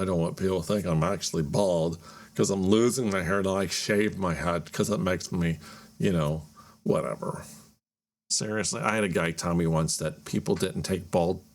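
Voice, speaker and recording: Gravelly low-voiced rambling male host. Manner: rambling, chatty, self-deprecating. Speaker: podcast host. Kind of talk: casual solo talk. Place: cold home garage.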